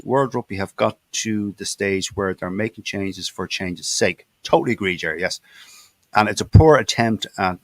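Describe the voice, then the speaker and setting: A man's voice: lowish voice, fairly bright tone, no echo. Irish man hosting, reading out comments. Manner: halting, many fillers and restarts. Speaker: podcast host. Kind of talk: casual chat, reading viewer comments.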